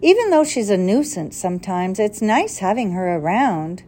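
A woman reading aloud and voicing an excitable young boy on an adventure, in an eager storybook manner. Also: mid-range voice, normal speed. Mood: excited.

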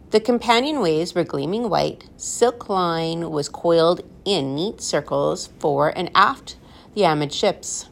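A woman reading a children's storybook aloud in a lively, expressive way. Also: on the low side, gravelly. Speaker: narrator.

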